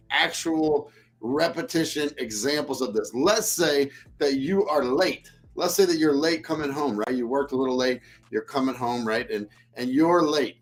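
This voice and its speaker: A man hosting a leadership talk show, speaking bluntly and emphatically, swearing freely and acting out whiny apologies in a droopy voice. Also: mid-range voice. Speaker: leadership podcast host. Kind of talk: casual coaching talk.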